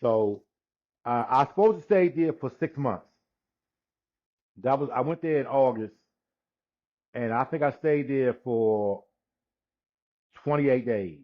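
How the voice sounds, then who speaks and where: Man in his sixties, personal testimony, unhurried storytelling, repeats and restarts, dull lo-fi recording. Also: medium pitch. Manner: unhurried storytelling, acts out quoted dialogue, frequent restarts. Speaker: guest sharing his testimony.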